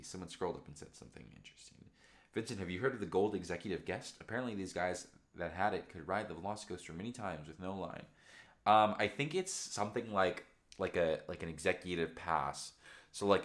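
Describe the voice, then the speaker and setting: A young man with a low, deep voice chats casually with viewers on a late-night home livestream. He rambles with excited fan energy, and his pitch jumps up when he gets worked up. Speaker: livestream host. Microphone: camera microphone.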